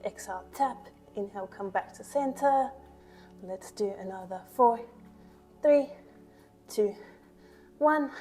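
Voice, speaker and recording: A woman's voice: fairly high pitch, slow, pauses often, darkish tone, faint music behind. A woman leading a pilates class, counting reps and cueing breaths as she exercises along, a little out of breath. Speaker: pilates instructor. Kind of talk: workout class instruction.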